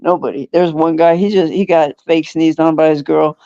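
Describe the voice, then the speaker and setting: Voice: medium pitch, normal speed, no echo. Laid-back host with lo-fi dry sound. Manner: animated storyteller who acts out quoted voices; laughs often. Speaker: podcast host. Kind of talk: casual chat.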